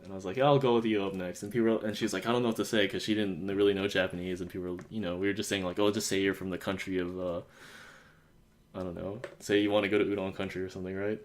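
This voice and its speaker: Young American guy, lowish voice, casual podcast storyteller, filler-heavy, acts out the dialogue. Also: little pitch movement, rapid-fire. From United States. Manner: rambling, many fillers, acts out quotes. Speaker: podcast host. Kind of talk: casual chat.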